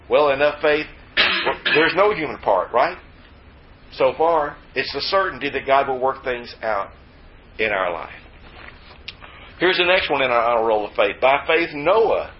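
A man preaching a sermon in a folksy, joking manner with lively emphasis and asides. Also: mid-range voice, a little hiss or hum. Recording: slightly dull lo-fi recording with faint ambience.

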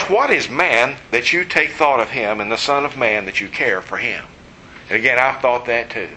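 A man's voice: medium pitch, big pitch swings, slow pace, pauses often, background noise. A man preaching a conversational teaching sermon, explaining verses and adding joking asides.

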